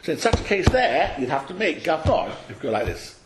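Lively man teaching a class. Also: a little high, a little fast, noisy background. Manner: animated, questioning, calls on students by name. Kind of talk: explaining a text to students. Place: classroom with students. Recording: echoey room.

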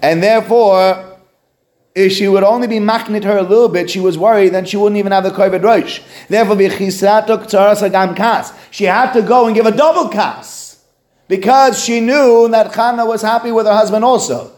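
A man giving a weekly religious text class in an animated, conversational way, acting out the quotes. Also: high voice, moderate pace. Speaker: religious teacher. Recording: roomy echo.

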